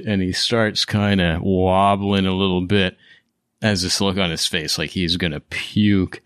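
A man's voice: low voice, flat delivery, measured pace, a bit bright, clean tone. A man running a tabletop game as game master, explaining rules casually with some swearing.

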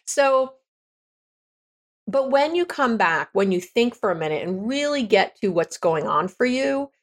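A woman relationship coach talking candidly on a podcast, conversational and quick to correct herself. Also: fairly high pitch, very animated. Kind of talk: podcast monologue.

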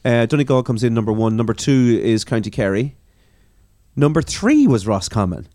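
A man's voice: mid-range voice, big pitch swings, normal speed, mellow, dry recording, clean studio sound. An Irish man co-hosting a podcast, leading a casual chat in an upbeat way. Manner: upbeat, steering the talk. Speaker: podcast co-host.

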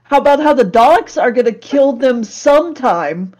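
A woman's voice: high-pitched, expressive, moderate pace, a little mellow, slight background noise. A woman co-hosting a podcast, recapping an old television episode in a casual, sarcastic way, swearing and laughing often.

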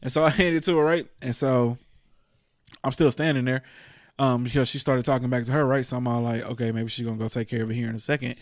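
This man talks fast in a medium-pitched voice, with no echo on a studio-quality recording. Telling a story in casual chat, he swears freely, laughs often, and animatedly acts out the people he quotes.

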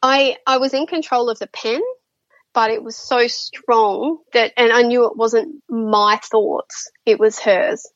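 A woman's voice: a little high, fairly even intonation, slow, dry recording, lo-fi sound. Chatty woman telling stories. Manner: chatty, many fillers and restarts, laughs often. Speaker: guest. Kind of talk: casual interview storytelling.

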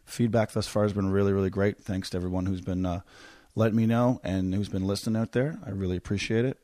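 A man's voice: fairly low pitch, fairly even intonation, fast, mellow, dry recording, studio quality. A Canadian man hosting a podcast, chatting casually and poking fun at himself, with lots of fillers. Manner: chatty, self-mocking, many fillers. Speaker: podcast host. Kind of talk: casual chat.

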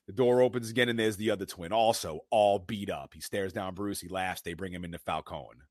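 Deep-voiced male podcast co-host, casual movie recap, quotes the characters with some flair, dry close mic. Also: fairly quick, no echo. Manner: animated retelling, quoting characters.

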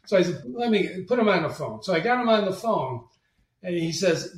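Brief: high-pitched man, lively storyteller, roomy sound from off-mic. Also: moderate pace, recorded from a distance. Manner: animated storyteller, acts out quoted voices. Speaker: guest, marketing agency president. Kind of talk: storytelling interview talk.

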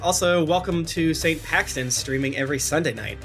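A man's voice: a little high, lively intonation, moderate pace, gravelly, a bit bright, faint music behind. A man hosting a casual podcast chat over a video call, joking and eagerly plugging channels. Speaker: podcast host.

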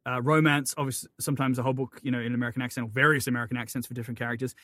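A man who narrates audiobooks, chatting as a podcast guest with quick, self-deprecating wit. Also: medium pitch, flat delivery, fairly bright tone, no echo. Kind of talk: casual chat.

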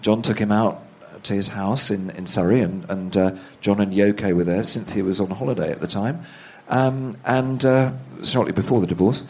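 A man's voice: lowish voice, moderate pace, hardly any pauses, darkish tone. A man, the author being interviewed, telling anecdotes at length and acting out the voices he quotes. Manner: anecdotal, acts out quoted voices, laughs at own stories. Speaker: author and guest. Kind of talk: conversational storytelling interview.

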